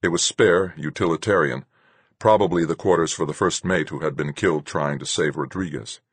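A man narrates a first-person novel in a measured, steady way. His voice sits very low and has a husky edge. The recording is dry and close, with no room sound. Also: dry recording. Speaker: audiobook narrator.

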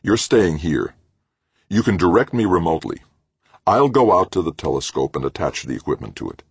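A man's voice: very animated, moderate pace, husky, no echo, full character voice. A man voicing a stubborn, protective man in an audiobook, firm and insistent. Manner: firm, insistent, low and final. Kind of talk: audiobook character voice.

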